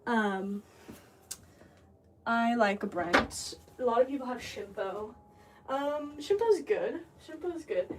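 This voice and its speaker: A chatty woman potter rambles to her livestream viewers as she works. Her voice sits a little high and comes from some distance off the mic. A steady machine hum runs under her talk in the studio. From United States. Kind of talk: casual livestream chat while working.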